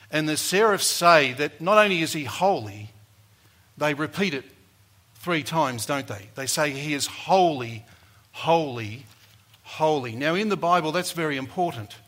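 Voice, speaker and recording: A man preaching a sermon, rising to loud emphasis and falling back to soft, low lines. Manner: dynamic, builds to loud emphasis then drops soft.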